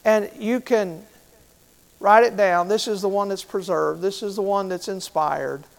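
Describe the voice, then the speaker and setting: A man's voice: sits high, a little slow, creaky. A middle-aged man preaching a sermon as pastor, who asks the congregation questions and repeats key phrases.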